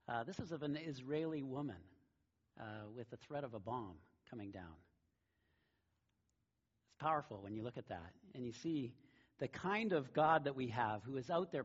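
A middle-aged man delivers a sermon in a casual, storytelling manner, his voice a bit husky and breathy. The recording sounds dull and lo-fi. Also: mid-range voice. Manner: conversational storytelling with a warm laugh. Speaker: pastor.

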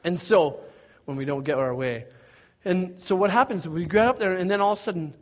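A man preaching, telling a story in an animated way and shouting out parts of it. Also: high-pitched, fairly quick. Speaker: pastor. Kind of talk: sermon storytelling. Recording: dull lo-fi recording.

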